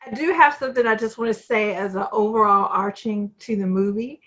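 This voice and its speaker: A woman co-hosting a podcast in a casual, animated chat, acting out her own thoughts as she talks. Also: medium pitch, a little fast. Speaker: podcast co-host. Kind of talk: casual movie review chat. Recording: slightly dull, lo-fi mic.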